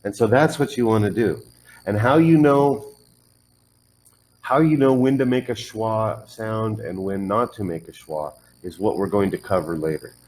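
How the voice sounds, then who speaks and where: Give me a man with a somewhat low voice running a patient one-on-one pronunciation lesson. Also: normal speed, darkish tone, low-quality recording. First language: English. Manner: patient, models words and corrects drills. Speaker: English pronunciation teacher.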